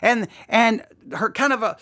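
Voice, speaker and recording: Woman podcast host, fairly high voice, very lively pitch, animated commentary. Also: a little slow. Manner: animated, slips into acting out the voices. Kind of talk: song lyric commentary.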